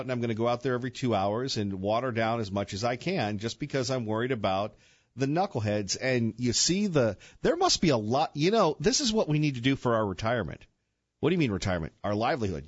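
A man's voice: mid-range voice, husky, no room sound, highs cut off. An older man hosting a radio show, chatting casually with jokes and rambling asides. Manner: joking, rambling, self-interrupting. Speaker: radio host. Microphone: studio microphone.

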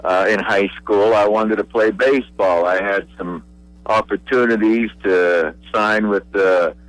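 Halting older man from Pennsylvania. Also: lowish voice, steady tone, no room sound, low-quality recording. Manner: halting, many uhs and repeated I's. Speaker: guest. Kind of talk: relaxed reminiscing.

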